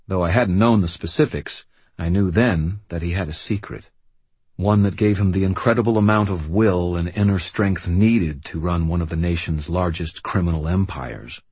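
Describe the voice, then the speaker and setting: A male audiobook narrator with a very low, deeply husky voice. He reads first-person fiction in a dry, measured, wry manner. The recording is close and completely dry. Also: a little mellow, no room sound.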